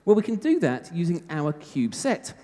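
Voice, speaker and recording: British guy doing a conference talk, fairly high voice, jokey and self-deprecating. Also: sing-song, normal speed, warm tone. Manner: chatty, self-mocking humor. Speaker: conference speaker. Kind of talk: live technical presentation. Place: conference hall. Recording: reverberant hall.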